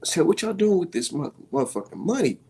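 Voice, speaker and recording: Gravelly, husky-voiced male commentator. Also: a little high, big pitch swings, brisk, mellow. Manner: profane, laughing, mocking. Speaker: online commentator. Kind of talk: casual reaction commentary.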